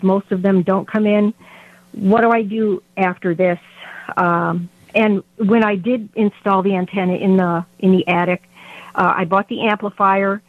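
A woman's voice: medium pitch, no room sound. Nervous woman caller on a phone line. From Indiana, USA. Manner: nervous, rambling. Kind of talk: phone-in call. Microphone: telephone.

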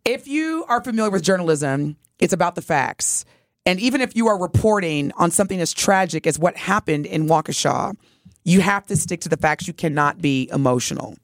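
A woman's voice: on the low side, expressive, fairly quick, dry recording, clean studio sound. Earnest woman radio co-host. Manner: earnest, heartfelt storytelling. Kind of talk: casual radio talk and storytelling.

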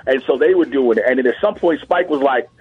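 A man, an actor and pro wrestler, guesting on a radio talk show and telling a lively story with excited acted-out quotes. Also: fast talker, slightly rough, phone-quality sound. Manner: animated storyteller, acts out quotes in high excited voices. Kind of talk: casual radio interview storytelling.

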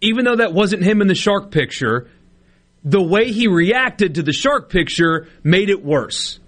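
A man's voice: high-pitched, expressive, measured pace, fairly bright tone. Wry male sports radio co-host. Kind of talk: casual sports radio banter.

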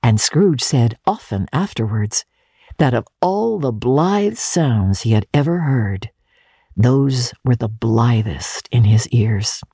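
A woman narrating a classic story as an audiobook, animated and lilting. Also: rumbling low, slow pace, slightly rough, no echo, studio quality. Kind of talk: expressive audiobook reading.

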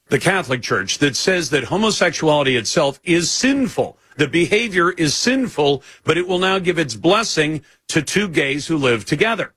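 A man hosting a talk radio show, arguing his opinions in a blunt, conversational monologue. His voice sits a little high for a man and has a husky edge. The studio sound is dry and close, with no room around it. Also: a bit bright, dry recording. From United States.

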